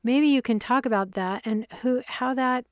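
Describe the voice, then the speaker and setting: A woman interviewing a guest, asking measured, thoughtful questions with small restarts. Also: fairly high pitch, no room sound.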